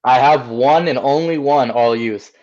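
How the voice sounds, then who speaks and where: Calm male co-host who argues with stats, slightly dull lo-fi sound. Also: mid-range voice. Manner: measured, cites stats. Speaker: sports show co-host. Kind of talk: casual sports analysis.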